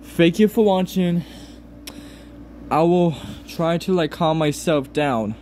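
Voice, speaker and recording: A man near tears in an upset vlog rant, pleading with viewers, swearing and halting over his words. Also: fairly high pitch, darkish tone, slight background noise. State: close to tears. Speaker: channel owner.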